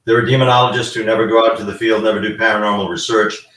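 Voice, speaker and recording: A man's voice: on the low side, little pitch movement, racing, fairly bright tone, roomy sound, far from the mic, poor audio. A man guest explaining his research in a casual live-stream chat, rambling with frequent fillers. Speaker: guest demonologist.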